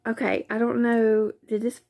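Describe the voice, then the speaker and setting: A woman's voice: fairly high pitch, little pitch movement, moderate pace, vocal fry, a little mellow. A woman, chatting casually in a craft vlog, gushing and exclaiming often. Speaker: craft vlogger. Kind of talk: casual chat.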